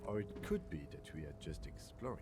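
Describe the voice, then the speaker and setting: An actor playing a calm, reserved police lieutenant in a video game, measured and polite. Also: male voice, deep voice, soft background music. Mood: matter-of-fact.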